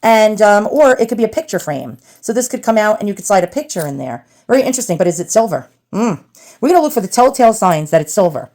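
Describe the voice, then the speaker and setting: A woman's voice: medium pitch, sing-song, quick pace, a little mellow. A middle-aged woman with a New York accent, chatting and rambling as she unboxes antiques for her vlog. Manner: chatty, rambling, thinking aloud. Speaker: antiques vlogger.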